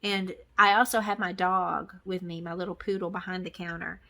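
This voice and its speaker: A woman's voice: on the low side, little pitch movement, normal speed, vocal fry, pushed and bright. Chatty rambling woman vlogger. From Texas, USA. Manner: rambling, chatty, many ums and restarts. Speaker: crafting vlogger. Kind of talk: casual to-camera chat.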